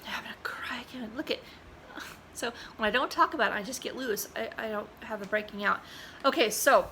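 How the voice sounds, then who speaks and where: A middle-aged woman chats to her camera in a loose, meandering way, full of ums and restarted sentences. Her voice is bright and forward, and a faint hiss of background noise runs under it. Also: mid-range voice, low-quality recording. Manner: rambling, many fillers and restarts. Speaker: vlogger. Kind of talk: casual talk to camera.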